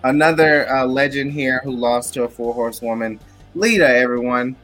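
A man's voice: medium pitch, normal speed, music in the background. A man co-hosting a casual chat show, talking with sassy, dramatic asides. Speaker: podcast co-host.

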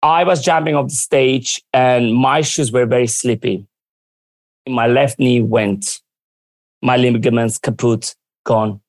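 A man shares memories of his career as a guest on a chat show. His voice sits at a middling pitch and sounds close and dry. He tells it all with lively energy and slips into other people's voices when he quotes them. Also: slow, dry recording. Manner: lively, acts out quoted dialogue. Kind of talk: casual storytelling.

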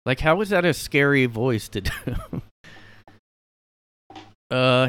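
A man's voice: mid-range voice, expressive, slow pace, pauses often, a bit bright, clean tone. A man hosting a casual solo podcast from his room, rambling and sarcastic, with lots of fillers and the odd swear. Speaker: podcast host.

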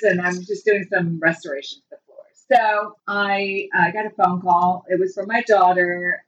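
A woman's voice: mid-range voice, a bit bright, distant mic, lo-fi sound, slight background noise. A woman in her fifties hosting a casual chat, telling a long story with frequent laughter. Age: 50s. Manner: chatty storyteller, laughs often. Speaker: host.

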